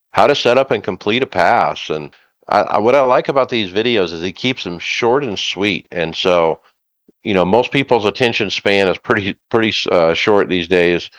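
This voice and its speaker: A man with a very deep, smooth, resonant voice talking casually as a podcast co-host. The sound is close and dry, and he explains things at an easy, measured pace. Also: no room sound, muffled recording. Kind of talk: casual chat.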